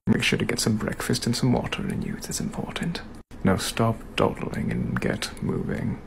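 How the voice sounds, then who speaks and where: A man voicing a doting, bossy young British gentleman in whispered role-play, using a put-on posh British accent and a soft, breathy whisper while gently scolding. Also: on the low side, wildly swooping pitch, normal speed, noisy background, pitched below the performer's own voice, exaggerated voice. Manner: gently scolding, affectionate, prim.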